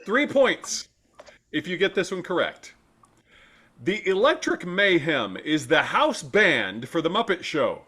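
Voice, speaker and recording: Upbeat higher-voiced male quiz host. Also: sing-song, slow, sharp tone, breathy edge. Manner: playful, laughs at his own jokes. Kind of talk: game show hosting over video call.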